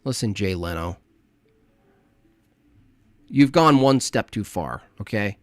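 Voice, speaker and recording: A man's voice: on the low side, lively intonation, slow pace, no room sound. A man hosting a livestream, reacting to a clip with crude, mocking, rambling commentary.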